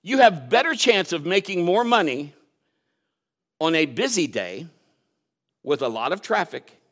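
A man's voice: a little high, very animated, a little slow, a bit bright. A man preaching a sermon, telling a personal story, acting out quotes and laughing at himself.

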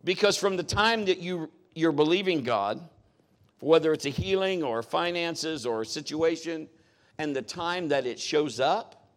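A middle-aged man preaching a sermon as a pastor, talking in a conversational, folksy way with joking asides. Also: fairly high pitch.

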